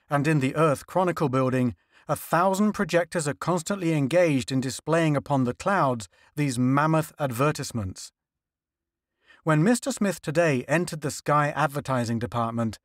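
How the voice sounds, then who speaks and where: A man narrating classic fiction in an even, steady reading voice, recorded on a close mic. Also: on the high side, no room sound. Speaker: audiobook narrator.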